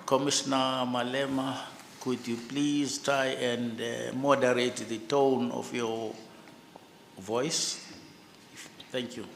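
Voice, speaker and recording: A man with a South African accent chairing a formal panel interview, speaking in a calm, procedural way. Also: mid-range voice, slow pace, gravelly. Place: large hearing room. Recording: echoey hall, long reverb, faint noise.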